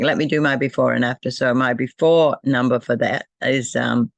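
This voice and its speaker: Older woman, energy healer, gentle unhurried guidance, gravelly fry, dry close sound. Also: a bass voice, fairly even intonation, no echo. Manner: gentle, unhurried, repeats soft affirmations and thank-yous. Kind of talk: guided self-healing demonstration.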